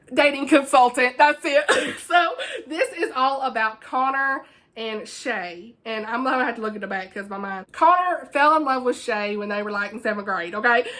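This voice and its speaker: A book vlogger with a fairly high, fairly bright voice chats casually about books she's read. She gushes and giggles as she reviews them.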